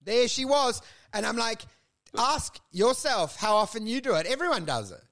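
High-voiced man riffing crudely. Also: normal speed. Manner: animated, crude, acts out bits loudly. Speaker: podcast co-host. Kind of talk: casual comedic chat.

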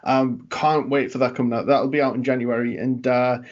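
A man with a softened Geordie accent hosting a casual interview podcast, chatty and laughing often, with plenty of fillers. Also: medium pitch, little pitch movement, fairly quick, lo-fi sound. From England. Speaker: podcast host.

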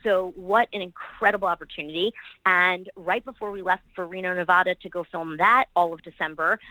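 Bright-toned, gushing actress on a podcast. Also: female voice, lowish voice, dry recording, rough recording. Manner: enthusiastic, rambling, gushing about colleagues. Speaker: actress and producer guest. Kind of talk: podcast interview talk.

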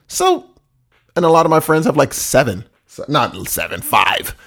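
Rambling, excitable male podcast co-host. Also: fairly high pitch, vocal fry. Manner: rambling, enthusiastic, quick to laugh. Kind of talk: casual podcast chat.

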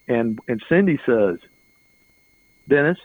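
This middle-aged man, a guest in an interview, spins a long, casual story, rambling, laughing softly, and frequently repeating words. He has a mid-range voice, lively intonation, and a moderate pace, and the audio is narrow and tinny with no echo.

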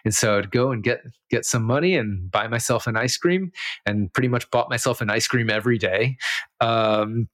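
A man's voice: medium pitch, normal speed, fairly bright tone, no echo. A man, a podcast guest, telling a story in a rambling, self-correcting way, full of fillers. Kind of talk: casual storytelling.

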